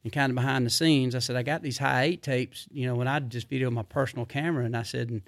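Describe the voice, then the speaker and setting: A middle-aged man, telling rambling stories in a casual, animated way, full of fillers. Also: medium pitch, quick pace, no echo, clean studio sound. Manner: rambling, animated, drawling Southern speech with repeated fillers. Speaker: podcast guest. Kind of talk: casual storytelling.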